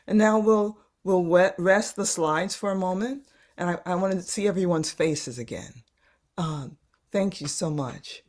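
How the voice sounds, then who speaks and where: A woman leading a live online workshop over a video call, speaking gently and haltingly, repeating words as she searches for them. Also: fairly low pitch. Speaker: workshop facilitator.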